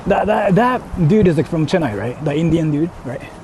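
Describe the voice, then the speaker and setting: A man's voice: on the high side, animated, normal speed, dark tone, highs cut off, a little hiss or hum. A man streaming live while walking outdoors, chatting casually and rambling between laughs as he reads out viewer donations.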